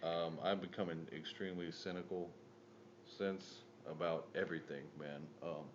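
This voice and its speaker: A man with a lowish voice co-hosting a casual podcast, swearing freely as he talks. The audio is muffled and lo-fi, with a faint hiss underneath. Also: fairly even intonation, normal speed. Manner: profane, loud bursts when retelling a story. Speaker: podcast co-host.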